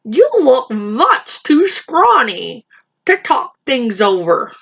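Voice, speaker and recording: A woman voicing a scrawny, hungry male lion who grumbles loudly in a storybook reading. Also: fairly high pitch, very animated, slow, creaky, breathy edge, muffled recording, voice pushed up, exaggerated voice. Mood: eager. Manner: loud grumbling complaint.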